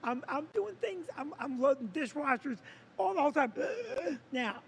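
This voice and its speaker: A middle-aged man, a comedian, telling comic stories in a casual chat with an animated, exaggerated delivery. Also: extremely high pitch, normal speed. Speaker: comedian and co-host.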